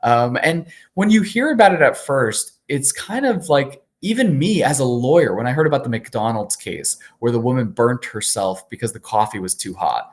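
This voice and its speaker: A man who is an attorney, speaking as an interview guest, candid and animated with frequent fillers. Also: medium pitch, moderate pace, hardly any pauses.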